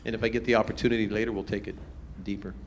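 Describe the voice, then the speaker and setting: A man, a pastor, answering audience questions in a relaxed, storytelling way, chuckling as he goes. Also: lowish voice, racing, a little hiss or hum. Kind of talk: casual Q&A talk to a youth group. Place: church event hall with a live audience.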